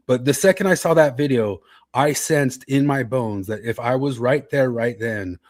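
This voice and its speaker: A man's voice: medium pitch, normal speed, darkish tone, no echo. Rambling man hosting a podcast, dry sound. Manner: rambling, with restarts and reading chat comments aloud. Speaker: podcast host. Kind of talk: casual chat.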